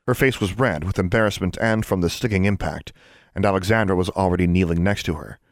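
A man narrating a fantasy story aloud with expressive storytelling. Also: deep voice, fast talker, no echo, clean studio sound. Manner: expressive storytelling, shifts into character voices. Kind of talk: audiobook narration.

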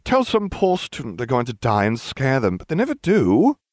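A man performs the voice of a clever, exasperated schoolgirl, using medium pitch with huge pitch swings at a moderate pace. The tone is a little mellow, and the studio-quality recording has no room sound, with the voice pushed up.

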